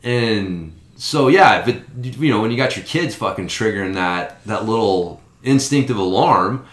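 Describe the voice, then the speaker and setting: Casual male podcast host, low-ish but bright and forceful tone, lots of cursing, roomy room sound. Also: expressive, unhurried. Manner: profane, acts out quoted exchanges. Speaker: father of young kids. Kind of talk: casual chat. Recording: roomy echo.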